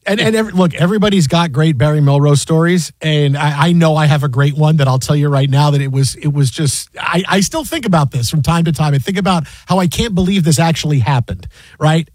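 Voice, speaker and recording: A man's voice: on the high side, quick pace, darkish tone, dry recording. A man co-hosting a sports show, telling stories casually with many restarts and acted quotes. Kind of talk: casual storytelling.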